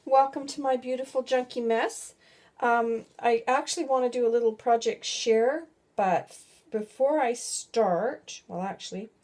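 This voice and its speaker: A woman's voice: fairly high pitch, a little mellow. A middle-aged woman hosting a casual craft video at home, chatting and rambling as she works and often breaking off mid-thought. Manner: chatty, rambling, self-interrupting. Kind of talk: casual craft tutorial chat.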